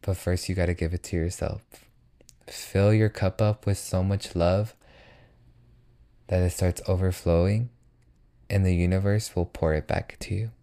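A young man hosts his own motivational podcast in an earnest, reassuring tone. His voice sits very low and mellow. He speaks unhurriedly and repeats phrases to comfort the listener. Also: fairly even intonation, measured pace, pauses often. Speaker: podcast host.

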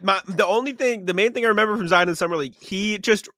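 Young man, sniffly, bright voice, slightly high, dry close sound, laughs a lot, casual sports podcast co-host. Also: very fast, dry recording. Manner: laughs often, loose and joking. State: sniffly from allergies.

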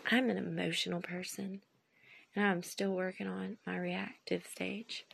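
A woman's voice: fairly low pitch, flat delivery, a little slow, gravelly, a bit bright, slight background noise. A woman in her late thirties talking emotionally and at length, drained and tired, rambling and restarting her thoughts, near tears at times. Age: 30s. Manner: rambling, heartfelt, trails off and restarts. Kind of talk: emotional personal monologue.

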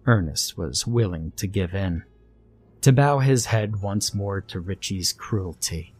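Male narrator for a scary story: slow, deliberate, ominous read, low pitch, soft music underneath. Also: lively intonation, husky. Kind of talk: scripted horror story narration. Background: faint music.

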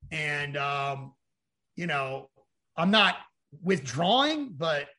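Bright-voiced man telling his story frankly. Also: fairly high pitch. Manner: rambling, frank, swears, acts out quoted dialogue. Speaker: podcast guest. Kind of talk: candid personal storytelling.

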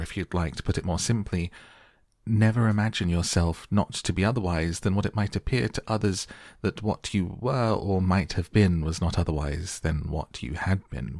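A man's voice: deep voice, gravelly, a little mellow, no room sound, clean studio sound. A man voicing a pompous, moralizing older female duchess in a storybook reading. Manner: fussy, agreeable, moralizing.

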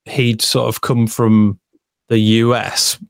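A man's voice: fairly low pitch, level tone, takes it slowly, vocal fry, clear, resonant tone, dry recording. Chatty man, dry close sound. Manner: chatty, reads out listener comments. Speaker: podcast co-host. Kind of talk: casual football podcast chat.

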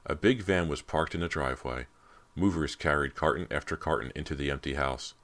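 A man narrating an audiobook in a measured, ominous way. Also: very deep voice, fairly bright tone. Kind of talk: scripted narration.

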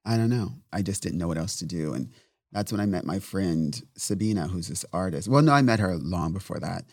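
A man's voice: low voice, expressive, a little fast, darkish tone, no echo, clean studio sound. A man as an interview guest, telling a personal story candidly and bluntly, with swearing and acted-out quotes. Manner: blunt, profane, rambling retelling with acted-out quotes.

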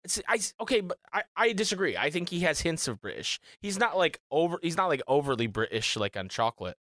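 A man's voice: a little high, quick pace, no room sound, clean studio sound. A man hosting a podcast in casual chat, joking and swearing as he talks. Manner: animated, swearing, mimics singers. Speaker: podcast host.

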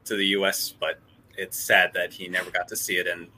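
Bright-voiced halting man, faint noise. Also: low voice, level tone. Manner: halting, restarts often, laughs easily. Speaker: panelist. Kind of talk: casual panel discussion.

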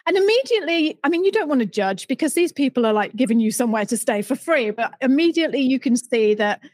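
British woman, middle-aged, high bright register, animated storyteller, dry booth sound. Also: fast, dry recording. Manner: animated, laughs often, acts out voices in quotes. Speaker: guest storyteller. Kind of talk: casual anecdote telling.

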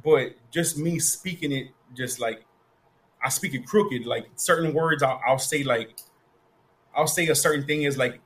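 A man's voice: fairly high pitch, measured pace. A man in casual chat, telling stories and acting out quoted voices. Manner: animated storyteller, acts out quoted voices.

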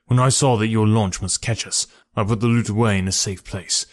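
A man's voice: on the low side, fairly even intonation, a little fast, natural voice. Man voicing a bitter, defiant ex-convict. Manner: passionate, defiant. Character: bitter, defiant middle-aged male ex-convict.

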